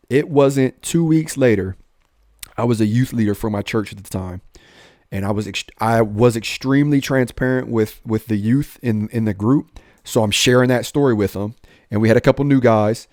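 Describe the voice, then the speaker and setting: A young police officer telling his own life story, candid and animated, acting out the dialogue with street slang. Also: lowish voice, normal speed, no room sound, clean studio sound.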